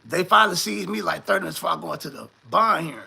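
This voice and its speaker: A high-pitched man tells a story casually, cursing freely and acting out what others said. His voice is very gravelly and sharply bright, with a husky edge. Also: very fast. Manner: animated, profane, voices the people in his story.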